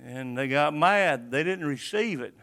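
An older man preaches a sermon in a high, very lively voice. He swings between booming declarations and quiet, hushed asides, and he drops in folksy jokes along the way. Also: a little slow. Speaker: pastor.

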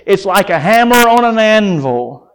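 A man with a high-pitched voice preaches at a slow, deliberate pace. He drops into soft, low stretches, then climbs to raised, pleading peaks and hammers phrases through repetition. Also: big pitch swings, smooth. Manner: repeats phrases for emphasis. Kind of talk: sermon.

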